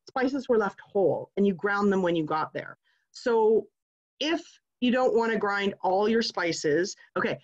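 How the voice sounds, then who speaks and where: A chatty woman teaching a casual online class, wandering off on tangents and rants. Her voice sits at a middling pitch. It comes through a video call with dull, lo-fi sound. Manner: chatty, digressive, prone to rants. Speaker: class presenter.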